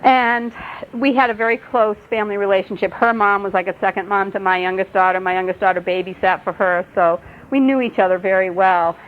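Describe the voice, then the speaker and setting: A middle-aged woman gives a parenting workshop, telling stories in a gentle, earnest way. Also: mid-range voice, steady tone, brisk. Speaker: workshop presenter. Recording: dull lo-fi webcast audio, faint noise.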